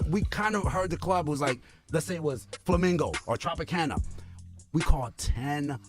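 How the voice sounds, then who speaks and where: A man's voice: a little high, moderate pace, over music. A man telling his own story in an interview, acting out the people he quotes and laughing often. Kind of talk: animated storytelling.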